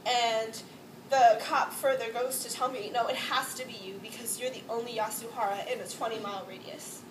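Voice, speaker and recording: A young woman from Hawaii recounts a personal ordeal in loose, emotional speech, peppered with "like" and nervous laughs. Her voice sits high, and it reaches the mic from some distance in a roomy, echoing space with steady noise underneath. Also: normal speed. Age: young adult. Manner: casual, emotional storytelling with frequent "like" and nervous laughs. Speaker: student speaker. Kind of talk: personal testimony to a crowd. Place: echoey indoor campus space. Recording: distant mic in an echoey room with background noise.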